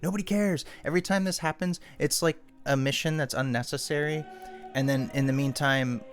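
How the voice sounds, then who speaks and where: A man's voice: mid-range voice, fairly even intonation, a little fast, soft background music. A man live-streaming, reading news articles aloud and breaking off into irritated, swearing asides. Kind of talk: ranting news commentary.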